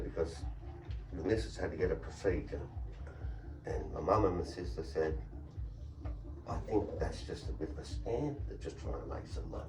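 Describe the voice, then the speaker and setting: Sweary australian bloke telling stories. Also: male voice, rumbling low, noisy background. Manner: swearing, laughing, blunt. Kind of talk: casual storytelling chat. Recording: echoey room, voice picked up from a distance.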